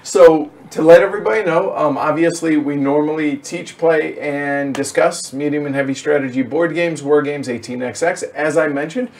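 A man's voice: a little high, fairly even intonation, normal speed, hardly any pauses, darkish tone, recorded from a distance. A man hosting a board game show, talking in an upbeat, chatty way with plenty of fillers. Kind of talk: casual chat.

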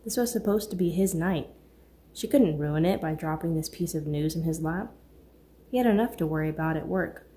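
Woman narrating an audiobook in a low voice. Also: moderate pace, mellow. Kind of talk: scripted narration.

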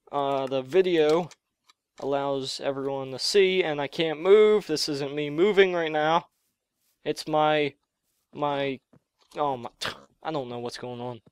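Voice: mid-range voice, fairly bright tone, clear, resonant tone, dry recording, studio quality. A gamer giving let's play commentary while thinking aloud, gasping and yelping whenever something surprising happens.

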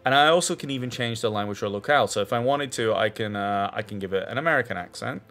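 A man presenting a screen-share technology demo, explaining in a halting way that restarts and repeats words. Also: on the low side, fairly bright tone, faint music behind. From Scotland.

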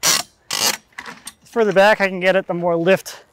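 A fairly high-voiced man talks casually outdoors, explaining each step of his work in a chatty, joking way. A faint hum of noise sits behind him. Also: steady tone, normal speed. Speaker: urban logger and video host. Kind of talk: casual narration while working. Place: outdoors on a lawn with a log trailer.

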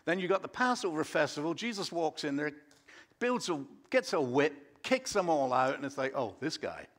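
Lively, conversational male pastor. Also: on the high side, normal speed. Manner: conversational, animated storytelling. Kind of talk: sermon. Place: church.

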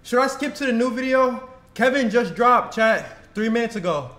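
A young man reacting live to a video, excitable and out of breath, talking straight to his chat. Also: extremely high pitch, normal speed, reverberant. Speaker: livestream reactor.

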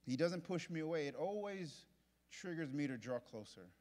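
A man's voice: fairly high pitch, animated, normal speed. Man preaching passionately in a big reverberant hall. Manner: impassioned, repetitive preaching that swings from hushed to loud. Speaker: pastor. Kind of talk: sermon. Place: large church auditorium.

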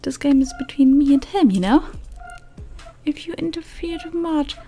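A woman voicing a taunting male villain who stalks a detective, speaking in a slow, mocking, breathy whisper while reading game dialogue aloud. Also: high voice, warm tone, faint music behind, pitched above the performer's own voice. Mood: menacing whisper.

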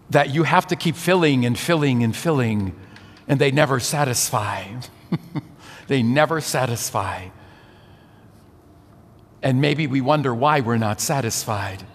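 A man's voice: mid-range voice, slow, long pauses. A man in his sixties preaching a sermon full of rhetorical questions. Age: 60s. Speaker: priest. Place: large church. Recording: church with long reverb.

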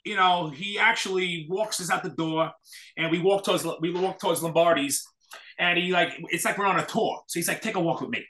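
Animated New storyteller, echoey room. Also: male voice, high-pitched, brisk. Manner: animated storyteller, acts out quotes. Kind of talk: casual storytelling chat.

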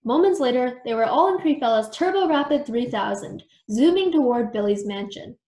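A woman reads a children's book aloud in an expressive, animated storytime manner. Her voice sits fairly high. The recording has a roomy echo. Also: moderate pace. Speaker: storytime reader.

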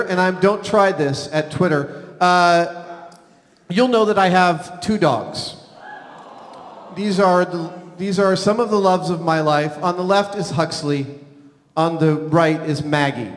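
A man in his forties telling funny stories live on a theater stage, animated and excitable, swinging between loud bursts and hushed asides. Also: fairly high pitch. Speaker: stage storyteller. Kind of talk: live comedic storytelling on stage. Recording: theater reverb, faint hall noise.

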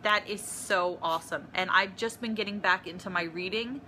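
A woman's voice: medium pitch, moderate pace, pushed and bright, slight background noise. A woman filming a casual unboxing vlog in her apartment, gushing and emotional over each gift. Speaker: vlogger.

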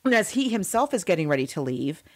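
A woman co-hosting a casual book-versus-movie podcast, retelling the plot in an animated way with frequent fillers and restarts. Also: on the low side, normal speed. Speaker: podcast co-host.

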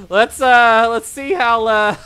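A man's voice: very high voice, steady tone, very slow, sharp tone, clean tone. A man hosting a live game stream, commenting playfully, laughing often and putting on theatrical farewells. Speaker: streamer and host.

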